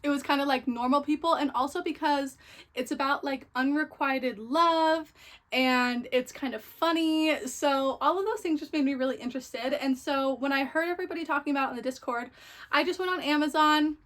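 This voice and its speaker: High-voiced young woman, chatty book vlogger; gushing, filler-heavy casual delivery. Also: normal speed, a bit bright. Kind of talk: casual book haul chat.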